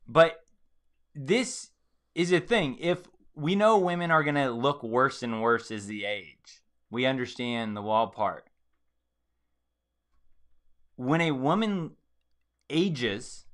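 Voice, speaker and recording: Male host, clear forward tone, mid pitch, emphatic live commentary. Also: a bit bright. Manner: emphatic, acts out quoted reactions.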